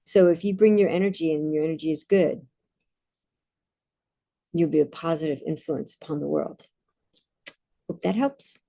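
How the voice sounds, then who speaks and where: A woman telling personal anecdotes in a calm, casual monologue, with frequent restarts. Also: sits low, moderate pace, gravelly, pauses often. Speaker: meditation speaker.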